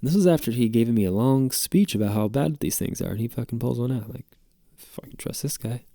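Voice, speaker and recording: Gravelly man rambling through a story. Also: mid-range voice, fairly quick, dark tone, no room sound, studio quality. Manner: rambling, profane and jokey. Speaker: podcast host. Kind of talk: casual storytelling monologue.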